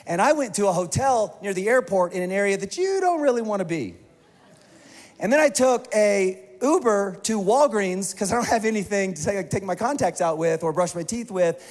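High-voiced pastor in a reverberant hall. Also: male voice. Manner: animated, self-mocking storytelling with quick bursts. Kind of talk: storytelling sermon. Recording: long reverb of a large hall.

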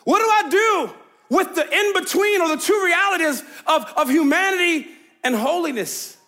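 A man's voice: very high-pitched, expressive, moderate pace, pushed and bright. A man preaching a sermon as pastor, emphatic and conversational, calling out to the congregation and laughing easily.

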